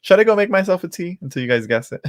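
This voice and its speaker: Chatty man with a lively voice. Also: sits high, quick pace, dry recording. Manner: chatty, laughs often, talks to viewers while shuffling cards. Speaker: tarot reader hosting a livestream. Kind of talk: casual livestream chat. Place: indoors at home.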